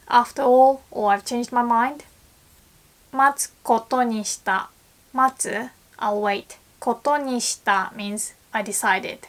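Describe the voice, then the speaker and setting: A woman teaching Japanese in a casual video lesson, chatty and quick to act out example lines. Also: fairly high pitch.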